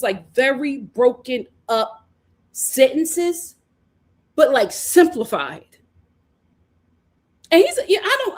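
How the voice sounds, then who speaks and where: A woman hosting a casual live recap of a reality show, talking animatedly and acting out the cast's lines. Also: on the high side. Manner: animated, acts out quotes, laughs often. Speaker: host reviewing a reality show.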